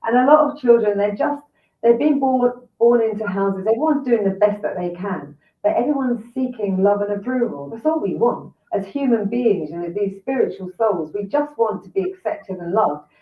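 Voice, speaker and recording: An older woman talking earnestly about emotions and self-worth, explaining gently. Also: mid-range voice, animated, moderate pace. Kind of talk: reflective conversation. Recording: echoey, distant, phone-like line.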